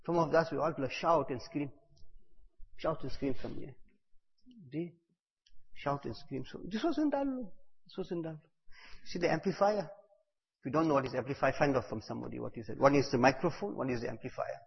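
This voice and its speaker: Husky-voiced man preaching. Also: mid-range voice, fairly quick, pauses often. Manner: storytelling, repeats phrases for emphasis, bursts loud on key words. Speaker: religious teacher. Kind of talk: devotional talk to a gathering. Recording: echoey hall, dull lo-fi sound.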